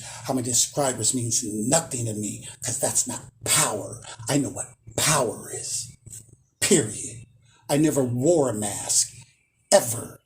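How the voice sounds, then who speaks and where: A man hosts a spiritual channel in a casual monologue, boastful and emphatic. He hammers points home by repeating phrases. His voice sits at an ordinary pitch, with faint noise underneath.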